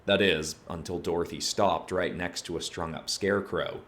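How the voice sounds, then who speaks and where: A man narrating a horror story in a low, steady storytelling delivery. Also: normal speed.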